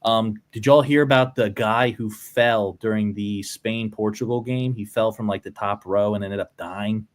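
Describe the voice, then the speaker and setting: A man's voice: fairly low pitch, fairly even intonation, normal speed. A young man co-hosts a sports podcast with playful, boastful energy. He banters with the others, cheering himself on now and then. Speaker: co-host.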